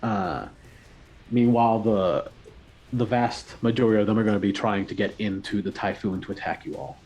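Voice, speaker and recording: A man narrating as game master, relaxed and pausing often with fillers. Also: on the low side, a little hiss or hum. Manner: relaxed, with frequent filler pauses.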